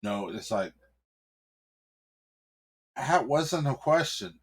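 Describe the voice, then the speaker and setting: A man telling an improvised story in a casual, halting way, with many ums and restarts. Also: medium pitch, lively intonation, husky. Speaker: streamer and storyteller.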